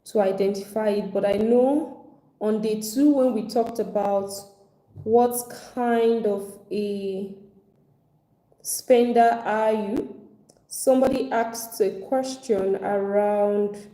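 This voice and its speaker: A woman's voice: medium pitch, steady tone, slow, dark tone. A woman teaching a live online personal finance class, speaking conversationally and acting out other people's complaints. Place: home at evening, video call. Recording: echoey room.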